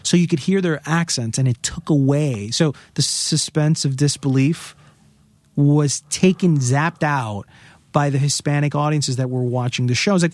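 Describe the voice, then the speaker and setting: Lively man chatting as a film critic. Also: a little high, no echo. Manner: animated, quick to laugh. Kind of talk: casual podcast chat.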